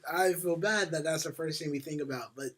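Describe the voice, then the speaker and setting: A man's voice: on the high side, fairly quick, fairly bright tone. A young man co-hosting a casual podcast, rambling with lots of fillers and swearing. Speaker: podcast co-host. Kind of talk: casual chat. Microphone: headphones on, home podcast mic.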